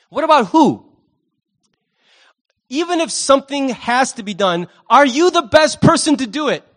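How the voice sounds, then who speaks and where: A pastor preaching a sermon, animated, acting out the voices he quotes and repeating words as he starts a thought. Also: very high voice.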